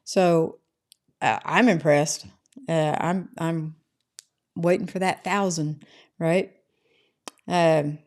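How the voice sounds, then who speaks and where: This woman's lowish voice stretches out her words, with long pauses in between. She's middle-aged and hosting a casual livestream at home, answering viewer comments chattily and loosely, and she keeps adding "right?"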